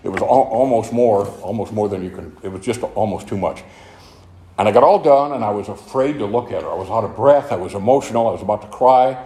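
Speaking at a recovery meeting held in a club's meeting room, an older man offers a heartfelt, rambling personal testimony. He talks quickly in a fairly low, mellow voice, with echo and faint background noise.

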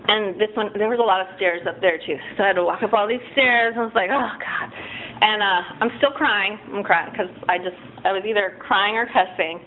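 Woman sharing her recovery story at a meeting, self-mocking, lots of restarts, thin phone-like sound, a bit of noise. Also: mid-range voice. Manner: candid, self-mocking, halting with many restarts and fillers.

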